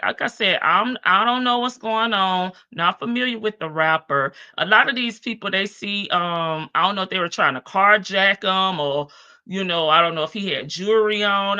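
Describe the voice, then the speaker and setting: Woman streamer w a big country voice, bright tone, dry close sound, chatty greetings. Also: medium pitch, no echo, dull audio. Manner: greets chat viewers one by one, chatty and drawling. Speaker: livestream host. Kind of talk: casual livestream chat.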